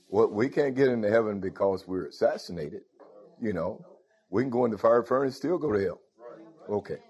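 A man's voice: fairly low pitch, darkish tone, slightly rough. A man preaching a sermon in a conversational way, often putting questions to his congregation.

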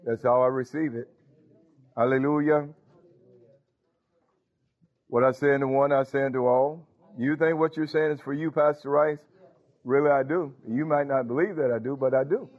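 A man's voice: medium pitch, fairly even intonation, normal speed, long pauses. A man preaching a sermon, emphatic, with call-and-response interjections. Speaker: pastor. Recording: tinny phone-like sound.

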